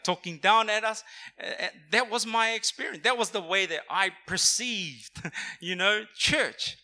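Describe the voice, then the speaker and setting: A young man preaches to a church congregation in an energetic, conversational way, often asking them to repeat words back to him. His voice sits high, with a very bright, forceful edge. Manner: energetic, conversational, calls for audience response. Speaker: pastor. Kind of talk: sermon. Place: church auditorium.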